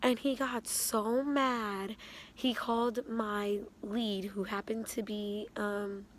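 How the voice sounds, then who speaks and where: A young woman telling a casual storytime vlog, animated and slangy, often breaking into laughs. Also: mid-range voice, slow, slight background noise. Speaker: vlogger.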